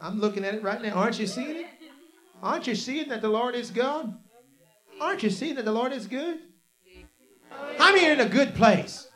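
A man preaching a sermon, telling a story and swinging from low, quiet lines to loud shouted outbursts, leading the congregation in call-and-response. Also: expressive, normal speed, long pauses, soft background music.

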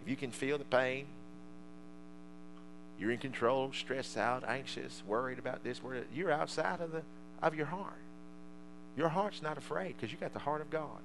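A male preacher delivering a fervent sermon to a congregation, swinging from quiet asides to loud shouts. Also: mid-range voice, moderate pace, gravelly, pauses often, background noise.

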